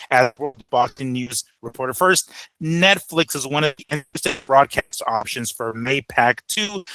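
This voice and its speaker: A man co-hosting a boxing talk show, relaxed, reading the news aloud in casual chat. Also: fairly high pitch, no echo, low-quality recording. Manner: relaxed, reads news aloud, laughs easily.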